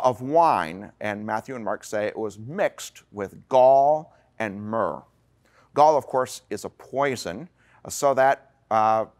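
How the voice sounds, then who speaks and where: An earnest man preaching a sermon at a middle pitch. He slows down for dramatic pauses and drops in the odd filler as he speaks. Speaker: pastor.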